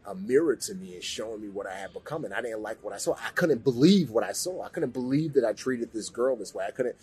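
A man's voice: lowish voice, lively intonation, fast, a little mellow. A man in his thirties, a podcast guest, earnestly telling a personal story of faith. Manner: earnest storytelling, rises sharply when emotional. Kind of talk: personal testimony in a podcast interview.

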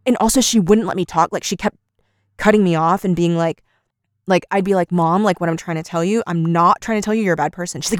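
A woman's voice: fairly low pitch, fast talker, no echo. A woman co-hosting a podcast, casually retelling an argument and acting out each quoted line. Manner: animated storyteller, acts out quoted lines. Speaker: podcast co-host.

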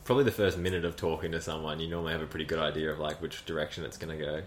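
This podcast host has a rumbling low voice with little pitch movement, and he races along in a reverberant space with a bit of hiss or hum. His casual chat rambles, is packed with "like," and breaks into frequent laughter.

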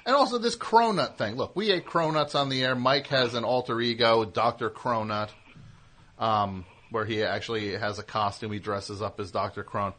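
A man's voice: medium pitch, normal speed, fairly bright tone. A man hosting a call-in comedy show. He needles callers playfully and spins long rambling bits. His voice sits in a middle, everyday range. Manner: teasing, riffing in long rambling runs. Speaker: radio show host.

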